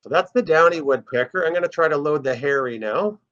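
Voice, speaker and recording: A man's voice: a little high, brisk, fairly bright tone, dull audio. A man teaching a casual online birding lesson, explaining step by step as he plays bird recordings. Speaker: birding instructor.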